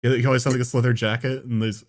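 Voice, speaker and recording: Young male podcast co-host; lively, profane storyteller who laughs a lot. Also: mid-range voice, very fast. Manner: animated, profane, breaks into laughter. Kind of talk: casual storytelling chat.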